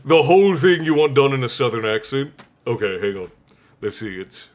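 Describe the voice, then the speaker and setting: A man's voice: mid-range voice, moderate pace. A man hosting a casual livestream who laughs often and reads out viewer messages. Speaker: livestream host.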